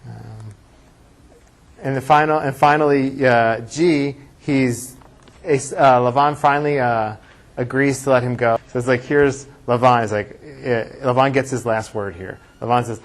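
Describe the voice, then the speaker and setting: A man's voice: medium pitch, fairly even intonation, a little slow. Man teaching a class, thinking aloud. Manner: thinks aloud, reads verses aloud with emphasis. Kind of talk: classroom lecture with discussion.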